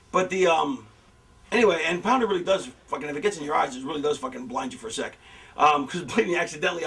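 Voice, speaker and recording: A former wrestler rambles casually about booking, telling stories laced with profanity. He's animated and a bit off-mic, recorded from a distance, and his voice is high, climbing even higher when he acts out fan reactions.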